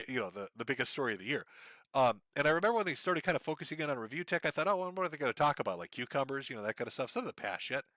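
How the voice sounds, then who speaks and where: A man reading out donation messages on a casual livestream, sardonic and profane, with a deadpan delivery. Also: mid-range voice, no echo, studio quality.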